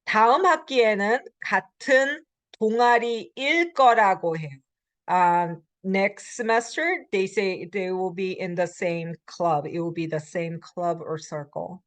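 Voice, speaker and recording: A woman with an American English accent, working as a language instructor, gives a recorded grammar lecture in a medium-pitched voice. She reads short example sentences quickly, then explains them slowly with lots of fillers, in a dry recording.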